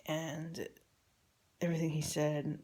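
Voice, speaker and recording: Low-voiced woman, hushed and confessional. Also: monotone. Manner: rambling, halting, often drops to a near whisper. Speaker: mother telling a personal story. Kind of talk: confessional personal storytelling.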